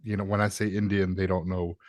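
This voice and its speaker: A man's voice: deep voice, level tone, fairly quick, darkish tone, no room sound, clean studio sound. A man co-hosting a podcast, casual and joking, with plenty of swearing. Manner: joking, profane, riffing. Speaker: podcast co-host. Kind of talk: casual gaming podcast chat.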